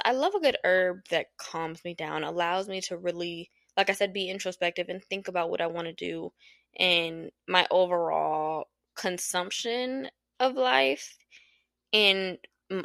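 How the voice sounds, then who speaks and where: A woman's voice: on the low side, measured pace, gravelly, fairly bright tone, no room sound, studio quality. A woman hosting a casual solo podcast from her apartment, talking frankly, swearing freely and laughing often. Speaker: podcast host. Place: at home in an apartment.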